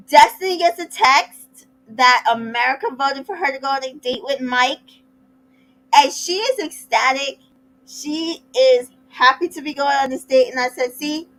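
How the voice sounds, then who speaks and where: A sassy woman chats through a recap with opinionated asides. Her voice sits a touch high, and she takes her time. She slips into quick put-on voices when quoting people. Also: a bit bright, poor audio. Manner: acts out cast members' lines in quick voices. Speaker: recap host. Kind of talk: casual reality TV recap.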